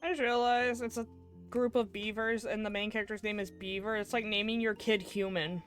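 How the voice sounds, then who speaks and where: A woman's voice: mid-range voice, level tone, brisk, soft background music. Wry woman commenting on a stream. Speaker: game streamer. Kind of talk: casual live-stream commentary.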